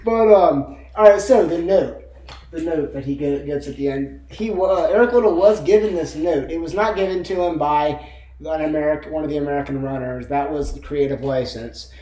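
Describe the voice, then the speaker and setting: Young man, slightly high voice, casual movie co-host, rambling and laughing, echoey room. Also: normal speed, dark tone. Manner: rambling, many fillers, laughs often. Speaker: co-host of a movie discussion channel. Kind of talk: casual chat.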